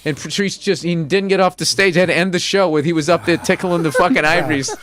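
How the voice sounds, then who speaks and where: A male comedian telling a story in casual chat, excited and profane, laughing as he goes. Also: sits high, quick pace. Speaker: comedian guest.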